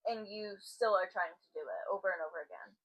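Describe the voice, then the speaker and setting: A young woman co-hosting a casual faith podcast, soft and hesitant, with many fillers. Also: medium pitch, quick pace, breathy edge, poor audio. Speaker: podcast co-host.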